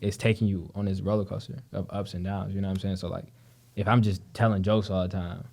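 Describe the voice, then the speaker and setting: Fast-talking young man from Detroit, low voice. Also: level tone, vocal fry, darkish tone. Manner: slangy, profane, fast storytelling with lots of "you know what I'm saying". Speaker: guest, actor. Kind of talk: casual conversation.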